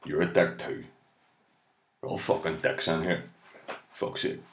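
A man's voice: a bass voice, steady tone, a little slow, a bit bright, roomy sound, slight background noise. A man voicing a bunch of grumpy hens who swear at each other in a crude, fed-up way.

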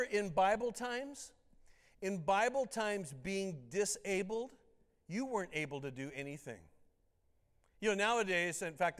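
A man's voice: fairly high pitch, smooth. A man preaching a sermon as pastor, talking conversationally and tossing out rhetorical questions. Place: church sanctuary. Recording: reverberant church hall.

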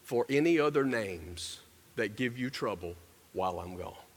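A man voicing a stern, no-nonsense female assistant principal within a sermon story, low and quiet. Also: animated, a little slow, big-room sound.

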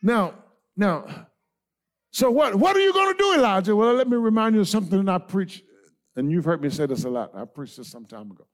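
Preacher guy, high voice all over the place, shouts then goes quiet, keeps saying amen. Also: big pitch swings, brisk. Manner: emphatic preaching, swings between shouting and soft asides; punctuates with amen and all right. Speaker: pastor. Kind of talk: sermon.

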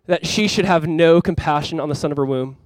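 A man's voice: a little high, fairly quick, no room sound, clean studio sound. A young man preaching a sermon to his church as pastor, earnest and conversational, with many fillers.

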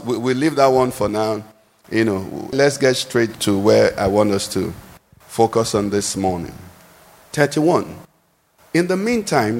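A man preaching a sermon, animated, posing questions for the congregation to answer, recorded in a large church hall. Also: mid-range voice, vocal fry. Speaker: pastor. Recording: echoey hall with long reverb.

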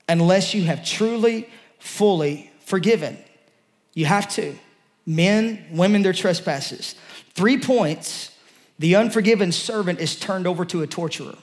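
A man's voice: high-pitched, unhurried. A man preaching a sermon, explaining a scripture passage in a conversational way and rising to emphatic peaks.

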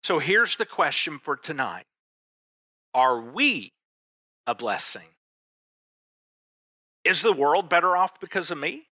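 Man preaching, sermon, bright forceful voice, slightly high, dry sound. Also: big pitch swings, dry recording. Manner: conversational, rhetorical questions, emphatic pauses. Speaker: pastor.

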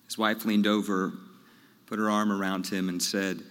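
Pastor, male, lowish voice, measured storytelling sermon; long church reverb. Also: level tone, fairly bright tone. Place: large church sanctuary.

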